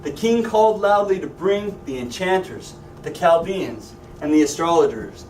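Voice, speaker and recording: Joking and quizzing his students, a Sunday school teacher leads a Bible class in a church classroom. His voice is fairly high and darkish, with lively intonation at normal speed, captured from a distance in an echoey room with a little hiss or hum.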